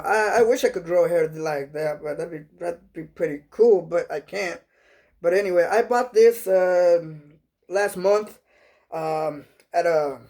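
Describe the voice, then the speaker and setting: A man's voice: high-pitched, a little mellow. A man talking casually on a live stream, rambling and earnest, sprinkling his talk with "man" and "you know". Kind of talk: casual live-chat monologue.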